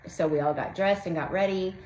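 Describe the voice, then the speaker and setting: A woman's voice: lowish voice, a little fast, a little mellow. A woman in her forties chatting casually and cheerfully as a craft vlog host, with plenty of ums. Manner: chatty, upbeat, many fillers. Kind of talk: casual chat. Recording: roomy echo, faint background hum.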